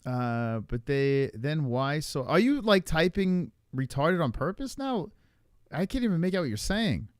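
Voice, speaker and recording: Lively, rambling male streamer, dry sound. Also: a little high, unhurried, no echo. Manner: rambling, swearing, laughing at chat, many restarts. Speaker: livestream host. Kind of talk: casual live-stream chat reading viewer comments.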